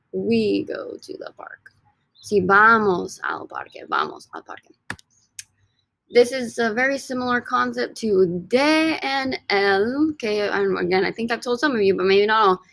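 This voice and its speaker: A woman's voice: on the high side, vocal fry, a bit bright. A young woman teaching a recorded Spanish lesson, talking straight to her students and drilling words by repetition. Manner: upbeat, addresses students directly, drills by repetition.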